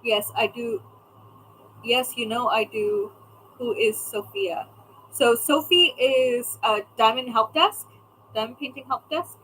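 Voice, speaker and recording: A woman's voice: a little high, slow pace, a bit bright, a little hiss or hum, rough recording. A woman hosting a casual livestream, chatting with viewers by name and trailing off as she searches for things. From California. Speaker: livestream host.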